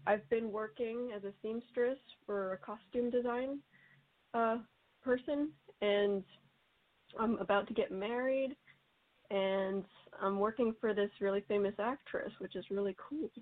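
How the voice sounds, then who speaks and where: A woman's voice: medium pitch, steady tone, unhurried, no room sound. Actress, female, cheerful and chatty, recorded close and dry over a thin call line. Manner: upbeat, rambling with fillers. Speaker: stage actress. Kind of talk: casual interview chat. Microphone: video call. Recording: tinny, dry online call audio.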